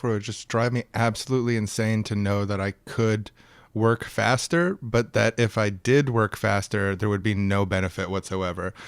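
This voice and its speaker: A man's voice: on the low side, no room sound, clean studio sound. A man hosting a podcast, ranting earnestly and with opinions in casual chat. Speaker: podcast host.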